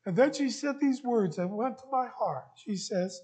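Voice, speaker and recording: A pastor with a high, light voice delivers a heartfelt sermon from the pulpit of a church. He speaks earnestly and emotionally, pressing his congregation with emphatic repeated questions. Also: animated, normal speed, darkish tone, breathy edge. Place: church sanctuary.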